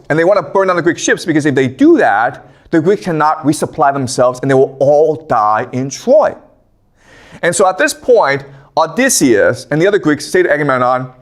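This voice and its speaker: A male history lecturer retelling an ancient epic to a class in a casual, animated way. His fairly high voice swings widely in pitch, and he often breaks off to check in with listeners. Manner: animated storytelling with casual slang and frequent "okay?".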